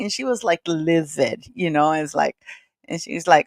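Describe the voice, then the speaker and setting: A woman on a live call-in panel, talking in a chatty, excitable way with many restarts. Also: lowish voice, brisk, dry recording, studio quality. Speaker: regular panelist. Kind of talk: casual live call-in chat.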